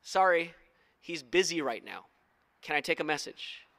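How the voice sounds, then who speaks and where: A preacher doing a polite doorkeeper. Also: male voice, on the high side, very animated, normal speed, gravelly, a bit bright, full character voice. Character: polite male servant at a prophet's door.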